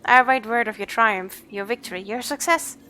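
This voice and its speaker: A timid male kobold from a fantasy game frets and echoes himself in anxious lists, voiced by a woman. The voice sits high and lifted, with faint music behind. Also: fairly quick, sharp tone. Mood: eager. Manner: anxious, echoes his own words in lists. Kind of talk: reading game dialogue aloud.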